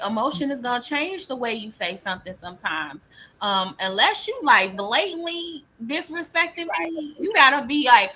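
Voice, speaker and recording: A woman speaking as a parent in a casual discussion, animated and expressive as she tells stories. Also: high voice, poor audio. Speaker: parent panelist.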